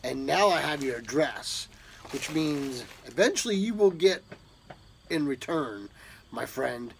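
Gravelly, slow-talking man. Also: fairly high pitch, animated, slight background noise. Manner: enthusiastic, drawling exclamations. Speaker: pipe tobacco vlogger. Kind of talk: casual unboxing talk to camera.

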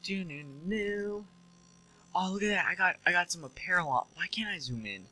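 Bright-voiced young man riffing on a game. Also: high voice, expressive, normal speed, poor audio. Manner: joking, sarcastic, mocks game characters. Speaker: let's play commentator. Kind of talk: casual gameplay commentary.

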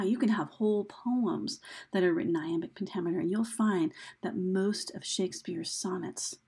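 A woman teacher giving a recorded lecture, speaking slowly and deliberately, counting out beats with a few fillers. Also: medium pitch, vocal fry, a little mellow, breathy edge.

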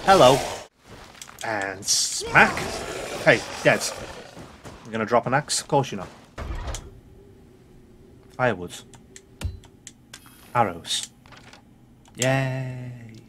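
A man's voice: medium pitch, expressive, very slow, pauses often, a bit bright, slight background noise. A man with a sweary, exasperated manner, commentating his own gameplay and talking back to the game. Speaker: gaming YouTuber.

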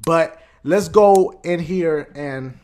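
A man hosting a let's play channel, loud and excitable, swearing a lot and shouting at the game. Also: on the high side, very slow. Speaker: gaming channel host.

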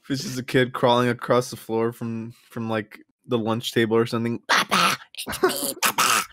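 A young man co-hosting a casual podcast chat, laughing often and acting out little scenes with high yelps. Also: little pitch movement, a little fast, no echo, clean studio sound. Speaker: podcast co-host.

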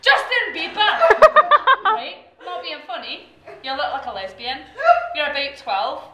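A woman's voice: sits high, wildly swooping pitch, slow, a crowd in the background. A woman doing a comic rant to camera, mocking and laughing between insults. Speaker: vlogger. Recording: echoey room with loud hiss.

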